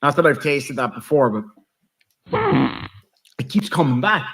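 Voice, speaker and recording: A man's voice: mid-range voice, lively intonation, unhurried, a bit bright. Man theatrically disgusted at food. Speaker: video creator in an old clip. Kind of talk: food-tasting vlog.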